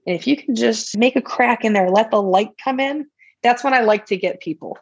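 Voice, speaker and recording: Woman guest, husky chatty delivery, lo-fi dull podcast sound. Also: fairly high pitch, brisk. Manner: chatty, laughs often, frequent restarts. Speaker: guest author and coach. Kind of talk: casual podcast interview.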